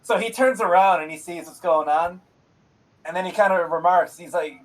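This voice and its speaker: A man's voice: high voice, normal speed, poor audio. A man running a tabletop game as game master, talking casually, laughing often and swearing freely. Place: streamed online game session.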